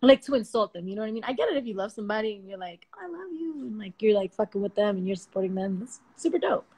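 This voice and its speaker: A woman chatting casually on a phone livestream at home at night, slangy and profane, animated and quick to laugh. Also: mid-range voice, breathy edge, low-quality recording.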